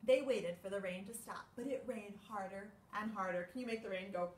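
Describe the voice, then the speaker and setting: A young woman librarian reading a picture book aloud at a livestreamed storytime, slow and sing-song with gasps of surprise. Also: medium pitch. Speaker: children's librarian. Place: library room. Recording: echoey room, mic far off.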